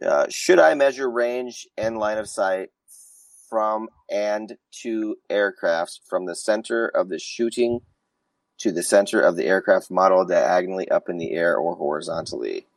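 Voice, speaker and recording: Sarcastic low-voiced male podcast host. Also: normal speed, creaky, no echo, poor audio. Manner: sarcastic, facetious. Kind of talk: casual tabletop wargame chat.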